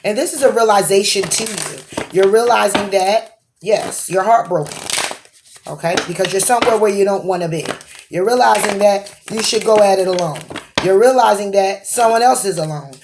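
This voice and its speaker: A woman's voice: mid-range voice, normal speed, noisy background. A woman giving a tarot reading to camera, rambling, rephrasing as she goes and checking in with a questioning "okay?". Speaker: tarot card reader.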